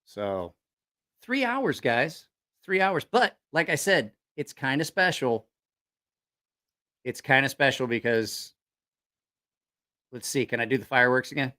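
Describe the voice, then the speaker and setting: Lively, profane male livestream host. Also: mid-range voice, unhurried, pauses often. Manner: lively, profane, laughing storyteller. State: a little tipsy after drinks. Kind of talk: casual storytelling livestream.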